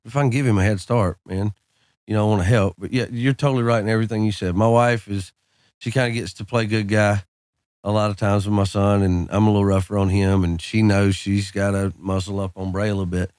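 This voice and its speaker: A man's voice: on the low side, fairly even intonation, a little fast, a little mellow, clean tone, no echo. Laid-back man telling stories, dry studio sound. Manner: laid-back, drawling anecdotes peppered with "man" and "dude". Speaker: podcast guest, country singer. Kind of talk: casual storytelling chat.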